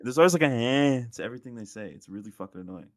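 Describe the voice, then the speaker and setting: A man's voice: mid-range voice, animated, racing, dry recording, studio quality. A man co-hosting a casual podcast chat, rambling with lots of "like" fillers and frequent laughs. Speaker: podcast co-host.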